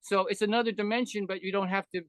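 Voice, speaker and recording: A man's voice: high-pitched, fairly even intonation, fast talker, a bit bright, dry recording. A man in his seventies, a veteran animator guest, rambling through stories in a casual interview chat. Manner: rambling storyteller who acts out quoted voices.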